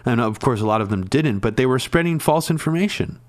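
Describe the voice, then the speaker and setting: A man talking in a casual political discussion, earnest and halting, with many ums and restarts. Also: mid-range voice, lively intonation, dry recording.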